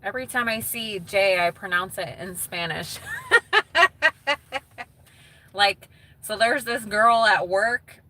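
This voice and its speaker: A woman's voice: mid-range voice, unhurried, bright, forceful tone. A woman chatting casually with viewers on a live stream, reading their comments aloud and laughing often.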